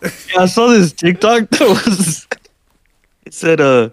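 A man's voice: high-pitched, expressive, takes it slowly. A young man co-hosting a podcast, chiming in with wry, swearing remarks in casual chat. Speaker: podcast co-host.

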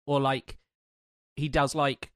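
A man co-hosting a casual podcast, relaxed and chatty, telling a film anecdote. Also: mid-range voice, takes it slowly, no echo, studio quality. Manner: relaxed, chatty, gives lots of short agreements. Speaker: podcast co-host.

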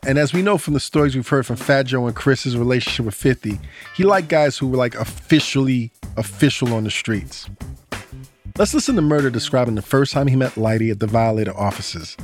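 A man with a New York accent narrates his podcast in a laid-back, slangy way. His pitch sits in the middle range. Faint music plays behind him. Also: a little fast. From Brooklyn, New York. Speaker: podcast host. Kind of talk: scripted narration and interview.

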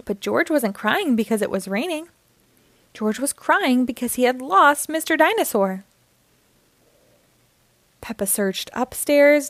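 A woman reading a picture book aloud to children, with clear, expressive storytelling. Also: fairly high pitch, dry recording.

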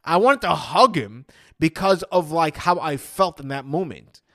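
A man's voice: fairly high pitch, animated, unhurried, fairly bright tone. A man talking casually as an anxiety coach, retelling his own past thoughts in a chatty way. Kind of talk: casual motivational talk.

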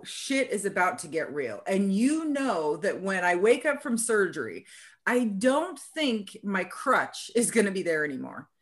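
A woman's voice: mid-range voice, sing-song, a little slow. A woman hosting a casual podcast chat, talking in an encouraging, conversational way and often restarting her phrases. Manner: encouraging, conversational, repeats words when restarting. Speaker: host.

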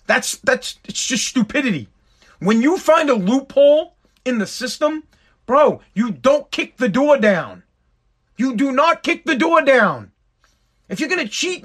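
This man's voice is extremely high and fairly bright. An adult vlogger with a school-age son, he rants bluntly and profanely straight at his viewers in a casual monologue, often repeating himself and restarting his words.

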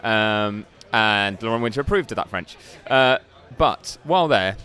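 A man's voice: lowish voice, expressive, measured pace, pushed and bright. A man co-hosting a podcast from a bar, wry and rambling as he tells a story in casual banter. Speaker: podcast co-host.

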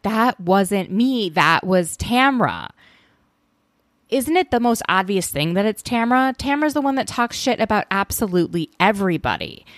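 A woman's voice: mid-range voice, a bit bright, no room sound, clean studio sound. A woman hosting a solo recap podcast, chatty, opinionated and often exasperated. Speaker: podcast host.

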